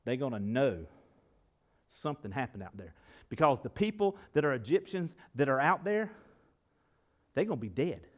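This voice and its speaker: In a church sanctuary, a pastor preaches to his congregation in a folksy, animated style, swinging between loud and soft and often putting direct questions to the room. His voice is medium-pitched, his speed normal, and he leaves long pauses.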